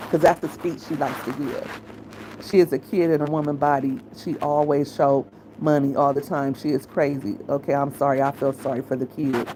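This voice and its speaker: Blunt low-voiced woman giving opinion commentary. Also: steady tone, moderate pace, mellow, slight background noise, poor audio. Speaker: commentary channel host.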